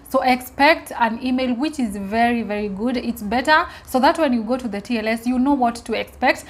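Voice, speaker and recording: A young woman from Kenya telling viewers a personal story in a casual, emotional way, often repeating herself and speaking to them directly. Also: on the high side. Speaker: vlogger.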